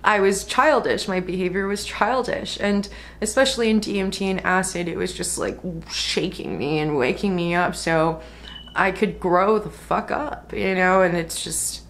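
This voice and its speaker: A woman in her thirties musing softly about a personal spiritual experience in a reflective vlog, with many fillers. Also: on the low side, moderate pace, slight background noise. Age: 30s. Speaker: spiritual vlogger.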